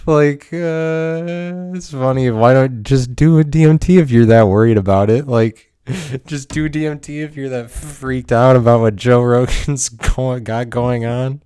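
A man's voice: mid-range voice, moderate pace, mellow, smooth, no room sound, clean studio sound. A man hosting a solo podcast, rambling and self-mocking, swearing and laughing as he talks. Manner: swears a lot. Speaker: podcast host.

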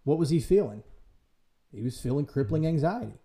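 A man hosting a casual church podcast, talking in a lively way and acting out quoted voices for humor. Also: on the high side, fairly quick. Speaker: podcast host and church leader. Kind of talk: casual faith discussion.

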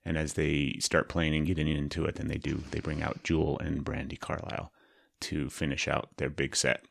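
A man co-host chats easily, filling in the details of a shared story. His voice is extremely deep with a gravelly rasp, recorded dry with no room sound. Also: flat delivery, moderate pace, a bit bright, no room sound. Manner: supportive, fills in details. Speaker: podcast co-host. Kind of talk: casual chat.

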